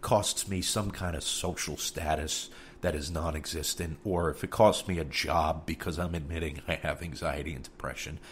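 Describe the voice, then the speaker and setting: A man's voice: rumbling low, steady tone, moderate pace, fairly bright tone, slight background noise. A man from New York with a New York accent, hosting a podcast in a candid, rambling monologue and cursing freely. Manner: frank and rambling, with frequent cursing. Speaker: podcast host.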